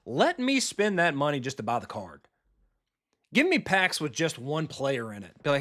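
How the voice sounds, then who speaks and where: This man's slightly high voice swoops wildly in pitch, fairly bright and at a normal speed. A streamer and football coach, he casually commentates live while playing a football video game, swearing freely and chatting with his viewers.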